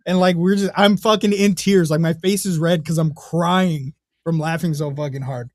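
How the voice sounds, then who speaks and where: A young man co-hosting a podcast in casual chat, telling stories in a profane, animated way. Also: fairly high pitch, normal speed, few pauses, no room sound, studio quality. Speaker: podcast co-host.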